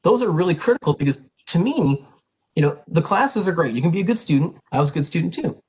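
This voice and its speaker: Husky, earnest middle-aged man. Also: fairly high pitch, expressive, fast, darkish tone, rough recording. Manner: earnest, emphatic, direct. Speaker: pre-health program advisor and instructor. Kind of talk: info session talk to prospective students.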